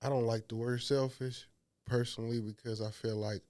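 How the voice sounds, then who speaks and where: A man in a conversation, speaking in a measured way and repeating words as he builds his point. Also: mid-range voice, little pitch movement, a little mellow, no echo. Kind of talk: conversational discussion.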